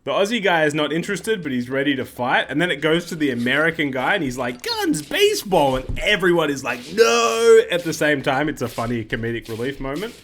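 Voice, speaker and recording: A man's voice: a little high, quick pace, few pauses, fairly bright tone. A man hosting casual game commentary, rambling and joking and often interrupting himself. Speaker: gaming video host.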